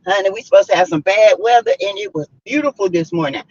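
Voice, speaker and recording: A woman's voice: on the high side, big pitch swings, fairly quick, creaky, darkish tone, breathy edge. A woman hosting a casual live stream, chatting and greeting viewers by name. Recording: dull lo-fi stream audio.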